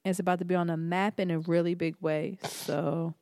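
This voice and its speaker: A woman's voice: on the low side, flat delivery, moderate pace, gravelly, a little mellow, no room sound, studio quality. A young woman co-hosting a casual podcast chat, teasing her friend with bold, playfully provocative remarks. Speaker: podcast co-host.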